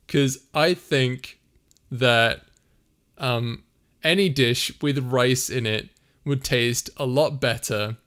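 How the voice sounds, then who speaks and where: A man's voice: medium pitch, fairly bright tone, clean tone. A young man casually chatting on a live stream, reading viewer comments aloud and laughing often. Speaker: streamer and audio creator.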